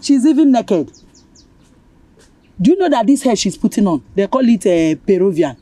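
Nigerian scornful gossiping mother-in-law, lively swinging pitch. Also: moderate pace, no echo. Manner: scornful, loud exclamations. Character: scheming, gossipy mother-in-law woman bent on revenge.

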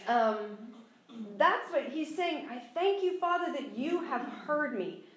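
A woman preaching a teaching sermon, lively and animated, acting out scripture dialogue with bursts of laughter. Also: sits high, slow pace. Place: church sanctuary. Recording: echoey room.

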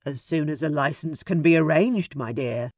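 A woman's voice: sits low, expressive, moderate pace, darkish tone, no room sound, clean studio sound. A woman voicing a leering, scheming male country squire who menaces the heroine with a smug tone.

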